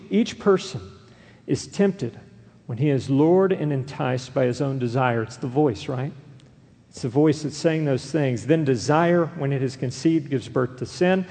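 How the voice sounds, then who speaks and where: A man's voice: a little high, gravelly, mellow, big-room sound. A man preaching an earnest sermon as a pastor, often tossing in a rhetorical "right?" to the congregation.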